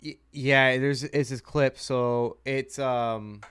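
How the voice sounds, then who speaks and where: Male podcast host, mid-pitched, smooth clear voice, laid-back chat, dry close sound. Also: fairly even intonation, takes it slowly, a bit bright, no echo. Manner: laid-back, laughs easily. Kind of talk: casual sports chat.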